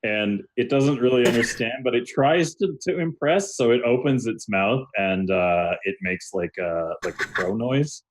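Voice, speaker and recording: A man's voice: medium pitch, unhurried, hardly any pauses, slight background noise. A man narrating as game master, loose and full of uhs and likes. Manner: loose, filler-heavy narration.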